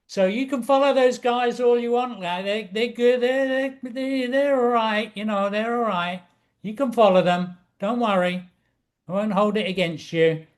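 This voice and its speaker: A middle-aged man with a high voice gives a trading lesson over a chart screen. He talks slowly and deliberately, with a showman's excitement, repeating phrases again and again. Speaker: trading instructor. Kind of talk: screen-share trading walkthrough.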